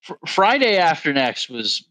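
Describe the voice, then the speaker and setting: Slow-talking, bright-toned man co-hosting. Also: a little high, big pitch swings, no echo, low-quality recording. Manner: unhurried, halting, with short agreements. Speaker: podcast co-host. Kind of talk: casual chat.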